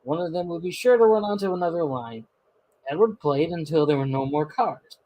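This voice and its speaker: A man reading a children's storybook aloud, expressive and lively with small slips. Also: on the high side, a little fast, dull audio. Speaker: storybook narrator.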